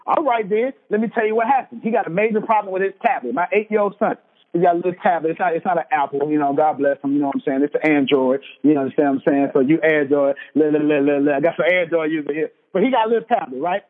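Man, 30s, motivational speaker: high voice, preachy repetition, thin phone-like audio in a long-echo hall. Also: racing. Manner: preachy, emphatic, repeats lines for effect. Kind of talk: motivational speech. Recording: tinny phone-like sound with long hall reverb.

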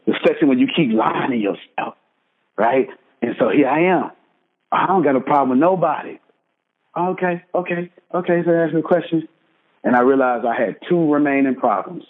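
Over a tinny phone call, a husky-voiced man in his thirties with a Texan accent and medium pitch gives animated testimony about his own life. He tells it emphatically, holding his audience with repeated asides like "right?" and "check this out."

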